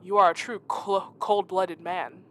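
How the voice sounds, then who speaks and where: A woman voicing a gruff, pompous male officer in a clumsy mock-Russian accent, reading lines over game music. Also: fairly low pitch, little pitch movement, unhurried, fairly bright tone, a little hiss or hum. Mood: accusing. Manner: clumsy, overdone, menacing.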